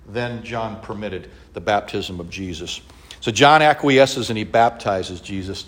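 A man's voice: fairly low pitch, moderate pace. A man giving a conversational sermon as pastor, often checking in with his listeners and adding humorous asides.

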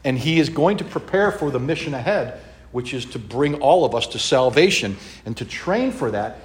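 A man's voice: mid-range voice, lively intonation, normal speed. A man giving a conversational sermon as pastor, often checking in with his listeners and adding humorous asides.

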